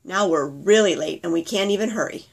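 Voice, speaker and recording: A woman's voice: lowish voice, brisk, vocal fry, slight background noise. A woman reading her own childhood memoir aloud, telling it simply and earnestly in the voice of her five-year-old self. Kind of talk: memoir reading told in a child's present-tense voice.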